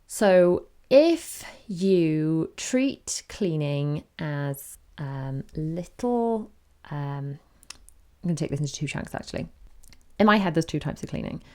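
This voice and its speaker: A woman in her thirties talks through a casual solo podcast with a low voice. She is candid and chatty and keeps drifting into tangents. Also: expressive, takes it slowly, mellow. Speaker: podcast host.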